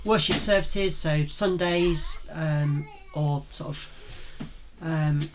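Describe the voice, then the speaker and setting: A Yorkshire woman co-hosting a podcast, her voice sitting a little low. She rambles through casual chat, filling gaps with ums and quick laughs. A clear hiss of background noise runs under the recording. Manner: rambling, laughs often, many fillers. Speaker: podcast co-host. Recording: noisy home recording.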